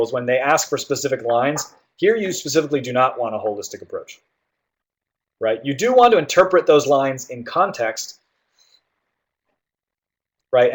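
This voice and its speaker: A male tutor walking students through reading question types, explaining in an easygoing way with many fillers and "right?" checks. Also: medium pitch. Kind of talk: guided test-prep walkthrough.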